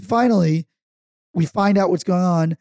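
A man, co-hosting a casual podcast and telling stories with loud acted-out quotes. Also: high-pitched, moderate pace, creaky, no room sound, clean studio sound. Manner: animated storyteller, acts out quotes loudly. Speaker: podcast co-host. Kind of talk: casual chat, storytelling.

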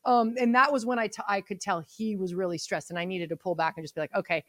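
A middle-aged woman chatting as a podcast guest, telling stories in an animated way and acting out what others said. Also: mid-range voice, fast, no room sound, studio quality. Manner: chatty storyteller, animated quoting. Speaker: podcast guest, mother of the groom. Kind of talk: casual chat.

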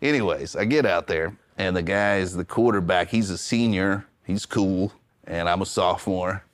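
A man's voice: deep voice, normal speed, no echo. A man telling a casual, rambling anecdote, laughing as he goes.

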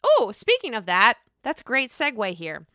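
A woman's voice: a little high, moderate pace, clear, resonant tone, dry recording. Sassy young woman spilling reality tv tea, voice bouncing all over, dry close sound. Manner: sassy, profane, expressive. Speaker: reality TV gossip host. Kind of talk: casual gossip commentary.

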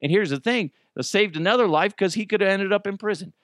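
A man's voice: fast, no room sound, studio quality. A man hosting a podcast, telling a story in a casual monologue, acting out the people he quotes and swearing freely. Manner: animated, acts out quotes with big pitch jumps, swears freely. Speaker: podcast host.

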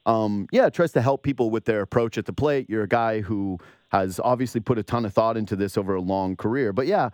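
A man's voice: on the low side, no echo, studio quality. Incredulous Canadian man hosting sports talk. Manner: animated, incredulous ranting with quick asides. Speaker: podcast host.

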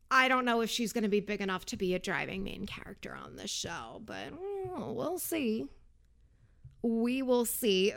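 A woman's voice: mid-range voice, bright, forceful tone, smooth. A woman chatting casually as she recaps a reality show, gossipy, with sarcastic asides.

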